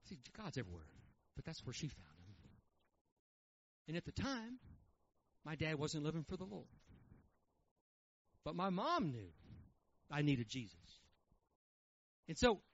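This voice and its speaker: A man preaching a sermon, telling a story in a folksy, animated way. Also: a little high, unhurried, long pauses, slightly rough, highs cut off. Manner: animated, folksy, with quoted voices.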